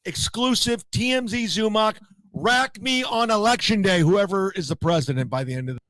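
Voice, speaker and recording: A man's voice: high voice, normal speed, fairly bright tone, dry recording. Smug man teasing gossip scoops. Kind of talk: casual stream chat.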